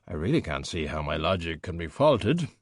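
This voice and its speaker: Skulduggery Pleasant, a man doing a deadpan skeleton detective. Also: low voice, moderate pace, dry recording, pitched below the performer's own voice, heavily acted. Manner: deadpan, dry wit. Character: skeleton detective, dry and unflappable.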